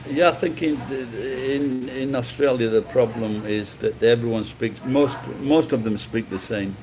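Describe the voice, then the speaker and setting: A man's voice: mid-range voice, unhurried, rough recording. A man chatting casually, rambling and swearing, with frequent restarts. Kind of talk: casual chat.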